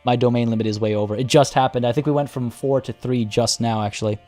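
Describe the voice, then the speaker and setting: A man streaming a strategy game live, talking through his choices out loud and chatting with his viewers. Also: mid-range voice, fairly even intonation, fast talker, soft background music. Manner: chatty, reads chat aloud and thinks out loud.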